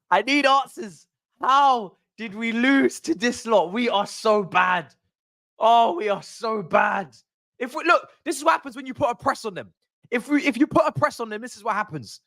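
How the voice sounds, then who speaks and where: Young guy, high lively voice, dry close sound, exasperated football ranting. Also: measured pace, dry recording. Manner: animated, exasperated, slangy ranting. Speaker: streamer hosting a football watch-along. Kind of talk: live watch-along reaction.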